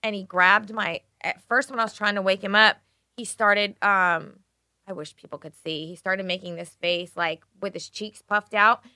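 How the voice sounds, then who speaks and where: A woman co-host telling animated, profanity-laced stories in a casual chat. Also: mid-range voice, normal speed, no room sound, studio quality.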